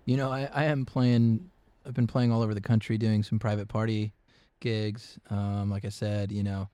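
A man chatting easily as a musician guest, telling stories with lots of fillers and quick laughs. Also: lowish voice, dark tone, no echo. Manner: easygoing, laughs often, many fillers and restarts. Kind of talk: casual interview chat.

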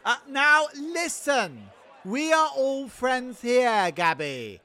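A man playing a cheeky Roman commander in a comedy audio sketch, high-pitched and lively, swinging up and down. He is overfamiliar and jokey, with a bright, sharp tone. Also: slow, a faint crowd, heavily acted.

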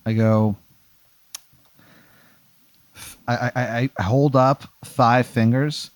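A man's voice: mid-range voice, steady tone, slow, dry recording. A man playing along in casual chat, hesitant and stammering, blurting profanity. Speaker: guest.

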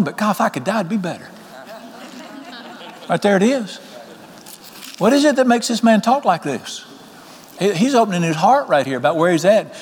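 A man, preaching an evening sermon in a folksy, animated way and asking the congregation questions. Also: sits high, husky. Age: 60s. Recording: long hall reverb.

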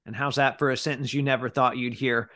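A man's voice: mid-range voice, brisk. A man hosting a podcast, casually reading out listener questions and chatting about his week. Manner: relaxed, reads listener questions aloud. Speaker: podcast host.

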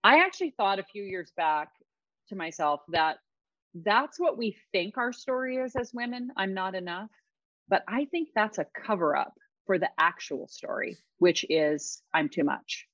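A woman's voice: mid-range voice, sing-song, normal speed, a bit bright, dry recording, highs cut off. A middle-aged woman speaking emphatically and reflectively in a casual podcast conversation, often repeating her words.

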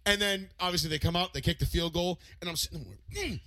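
A man co-hosting a casual chat show, telling a story in an excitable, profane way with loud re-enacted outbursts. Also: high-pitched, fast talker, no room sound. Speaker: podcast co-host.

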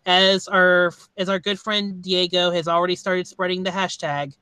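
A man hosting a podcast, talking casually about a movie in a rambling, halting way with many restarts. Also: sits high, flat delivery, pushed and bright, clear, resonant tone, no echo. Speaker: podcast host. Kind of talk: casual movie review chat.

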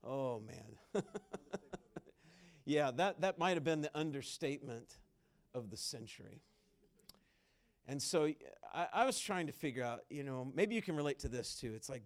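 A man speaking at a conference in a conversational, animated sermon style, acting out quoted dialogue as he tells a story. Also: mid-range voice, normal speed, long pauses. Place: conference hall stage.

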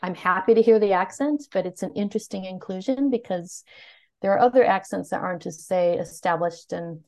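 A woman with a General American accent, speaking as an interview guest who researches media. She talks in an animated, outspoken way, thinking aloud and restarting her sentences. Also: medium pitch, fairly quick. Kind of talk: conversational interview.

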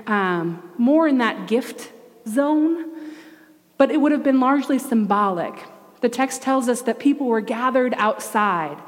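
A fairly high-voiced woman preaching in a loose, conversational manner, with playful asides and animated quotes. Her voice rings out with the long reverb of a large hall. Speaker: pastor. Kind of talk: sermon.

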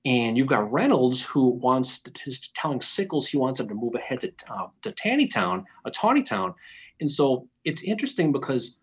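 A man co-hosting a podcast, talking through history in an animated, analytical way with many restarts. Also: medium pitch, a little fast, hardly any pauses, slightly rough. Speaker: podcast co-host. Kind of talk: casual history discussion.

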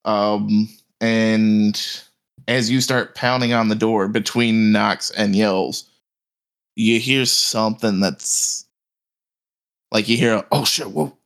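A man narrating as game master, slow and halting with many fillers and restarts. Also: fairly low pitch, flat delivery.

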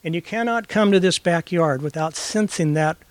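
A man with a somewhat high voice delivers a sermon in a folksy storytelling manner. The sound is dry and close, with no reverb around him. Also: normal speed. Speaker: guest preacher. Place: outdoors in a backyard.

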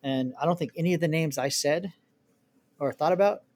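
A man co-hosting a casual podcast, his voice sitting a little higher than most men's. He talks hesitantly and restarts his sentences often. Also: normal speed, darkish tone, slightly rough. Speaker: podcast co-host. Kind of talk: casual chat.

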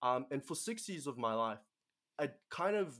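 A man's voice: medium pitch, animated, moderate pace, a bit bright. A young Australian man in a casual podcast chat, explaining things with many fillers and restarts. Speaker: podcast guest, linguistics researcher.

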